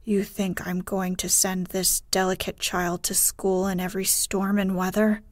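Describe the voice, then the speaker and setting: A woman's voice: medium pitch, level tone, a little slow, dry recording, close to an everyday voice. Woman reading a stubborn old mountain grandfather. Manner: firm and unyielding. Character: stubborn, gruff old grandfather living alone.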